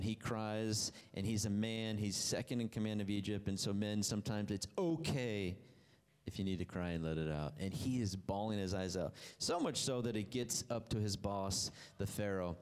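A man preaching a sermon, telling the story with animated delivery that rises and drops low for emphasis. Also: moderate pace.

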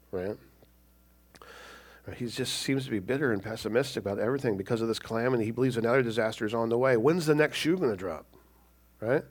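A man's voice: medium pitch, fast. A male pastor preaching a sermon in a conversational way, often checking in with the listeners. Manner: conversational, keeps asking "right?".

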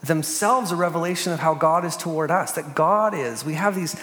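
A man leading a church panel discussion, earnest, reading prayers slowly and softly. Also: on the high side. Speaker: pastor. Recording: long hall reverb.

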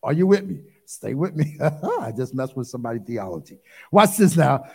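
A man's voice: medium pitch, very animated, normal speed, gravelly, husky. A male pastor preaching a call-and-response sermon, emphatic, repeating phrases, breaking into whoops and exclamations.

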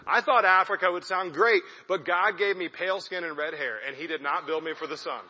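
A man's voice: sits high, a little fast, pushed and bright, husky. A young man, a missionary, giving a chatty, self-deprecating talk to a church congregation. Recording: echoey hall, dull lo-fi sound.

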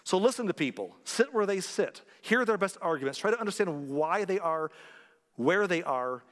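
A man's voice: high-pitched, lively intonation, normal speed, fairly bright tone, in a large hall. A man who is a pastor, preaching a sermon in an earnest, conversational way, rising to emphatic points.

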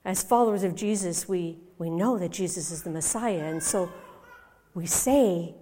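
A woman's voice: on the low side, normal speed, slight background noise. Woman telling a story in a hall. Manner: expressive storytelling, swinging from hushed to loud. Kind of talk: first-person dramatic monologue as a biblical mother. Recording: long reverb in a large hall.

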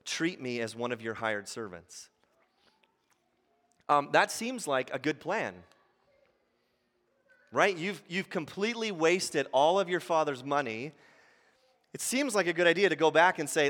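Pastor preaching in an echoing hall. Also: male voice, a little high, measured pace, long pauses. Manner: storytelling sermon, swings from quiet asides to loud animated retelling. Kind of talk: sermon.

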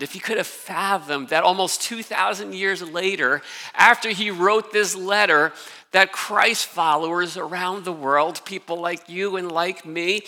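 Delivering a sermon, a pastor speaks in a high, sharp-toned voice that trails off into long reverb. He is earnest and emphatic, and he often restarts his phrases.

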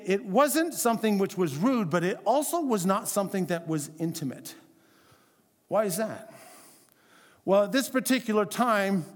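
Man, pastor, sermon, fairly high voice, conversational, asks the congregation questions, long hall reverb.

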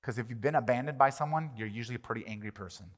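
A male pastor delivering a sermon, animated, swinging from loud emphatic lines to quiet ones. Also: medium pitch, rapid-fire. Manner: animated, rises and drops in volume for emphasis. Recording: long reverb of a large hall.

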